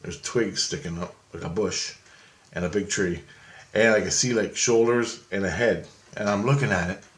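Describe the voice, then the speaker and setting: A man telling a story in casual, rambling style, growing excited and swearing freely. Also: low-pitched, moderate pace. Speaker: vlogger.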